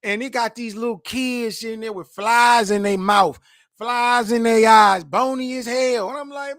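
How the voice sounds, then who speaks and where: High-voiced guy in his 40s ranting over news clips, dry close sound, slangy and mocking. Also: unhurried, no echo. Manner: animated, emphatic, mocking, slangy. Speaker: host.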